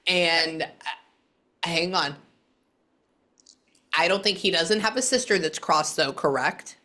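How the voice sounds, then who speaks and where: A woman psychic medium giving a casual reading, halting often to listen before going on. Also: lowish voice, sharp tone.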